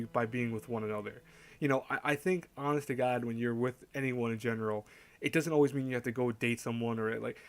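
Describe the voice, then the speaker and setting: Chatty rambling man hosting a list. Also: mid-range voice. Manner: rambling, self-correcting, laughs at himself. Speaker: host. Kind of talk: casual anime list commentary.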